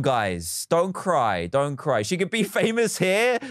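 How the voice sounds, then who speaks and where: A man's voice: medium pitch, very animated, takes it slowly, fairly bright tone, no echo, studio quality. A man hosting a live game stream in a playful, chatty manner, thanking viewers as he plays. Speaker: livestream host.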